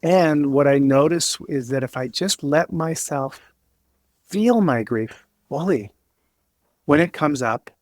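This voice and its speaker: Earnest halting man, dry close sound. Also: on the high side, expressive, no room sound. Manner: halting, many restarts and fillers; earnest and emotional. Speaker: guest. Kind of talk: candid interview talk.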